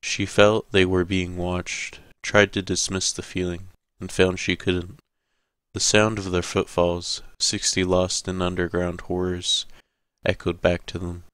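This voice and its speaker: A man narrating an audiobook in a deep, steady voice with little rise and fall. His tone is smooth and resonant. The recording is close and completely dry. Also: unhurried, no echo. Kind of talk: scripted narration.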